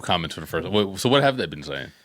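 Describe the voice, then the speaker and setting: A man with a low but bright voice, co-hosting a podcast in casual chat. He makes quick asides and laughs while he talks. The sound is dry and close. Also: sing-song, no echo. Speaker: podcast co-host.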